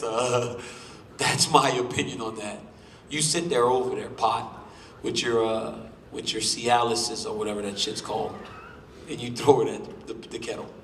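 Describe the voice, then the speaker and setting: A man's voice: medium pitch, slight background noise. A man in his thirties answering questions at a press conference, boastful and joking as he trash-talks his rivals. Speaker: champion fighter at a press conference. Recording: roomy hall, voice from a distance.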